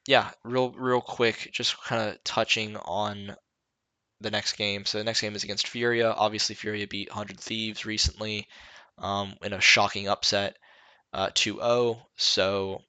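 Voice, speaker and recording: A young man talks through an esports match on his own podcast, tired and rambling, full of fillers and restarts. His voice sits low but comes out bright and forceful. The sound is dry and close. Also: little pitch movement, unhurried, clear, resonant tone, no room sound. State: tired, yawning. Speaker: podcast host. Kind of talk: solo esports podcast analysis.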